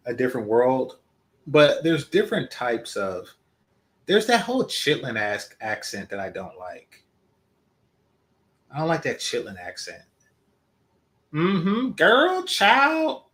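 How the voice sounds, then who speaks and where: A man hosting his own channel, giving casual, rambling commentary with many pauses and restarts. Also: medium pitch. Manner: hesitant, many ums and restarts. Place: indoors in California.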